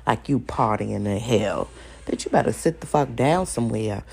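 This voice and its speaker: A woman's voice: rumbling low, animated, moderate pace, gravelly, a little mellow, breathy edge. A young adult woman hosting a solo podcast, ranting in a profane, confrontational way and repeating lines for emphasis. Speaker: podcast host.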